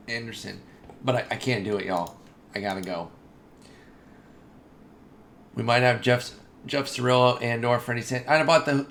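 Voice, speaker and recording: A man giving casual, chatty commentary over his own game playthrough, excitable and talking straight to his viewers. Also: medium pitch, slight background noise. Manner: chatty and excitable, says dude and y'all. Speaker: gaming video host.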